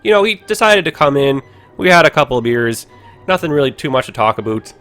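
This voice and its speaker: A man voicing a slow-talking, easygoing rural Canadian countryman with a rural Ontario accent and an unhurried, drawling way of telling things. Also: medium pitch, very animated, a bit bright, faint music behind, pitched above the performer's own voice. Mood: folksy.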